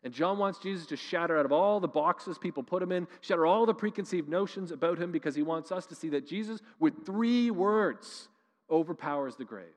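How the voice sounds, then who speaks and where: Impassioned male pastor in a reverberant hall. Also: a little high. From Canada. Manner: impassioned, swings between loud emphasis and quiet slow lines. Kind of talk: sermon. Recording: long reverb of a large hall.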